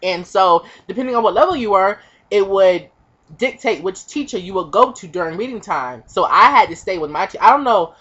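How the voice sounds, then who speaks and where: A young woman vlogger telling a comic personal story, animated and profane, acting out the voices of the people in it. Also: medium pitch, a little fast, slightly rough. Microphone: webcam. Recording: dull lo-fi webcam audio.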